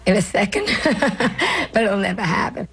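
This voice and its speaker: A woman's voice: mid-range voice, steady tone, normal speed, slight background noise, low-quality recording. An older woman, a comedian with a New York accent, telling stories in an interview with brash, self-mocking asides. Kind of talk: interview storytelling.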